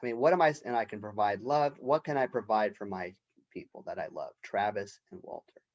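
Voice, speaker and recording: A man's voice: on the low side, fairly quick, highs cut off, natural voice. A man reading aloud the lines of a weary, practical wife and mother, in his own plain voice.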